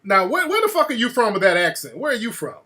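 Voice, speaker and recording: A man's voice: high voice, big pitch swings, fast talker, sharp tone, breathy edge. A man hosting a call-in show, blunt and mocking in profane banter. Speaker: radio show host.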